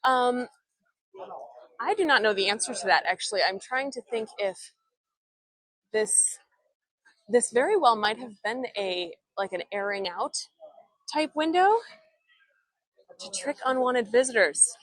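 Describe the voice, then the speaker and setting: A woman's voice: on the high side, lively intonation, unhurried, long pauses, a bit bright, no echo, poor audio. A young woman giving a live walking tour outdoors, speaking in an enthusiastic, chatty way into a handheld phone. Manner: chatty, enthusiastic, reads viewer comments. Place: outdoors in an old town street.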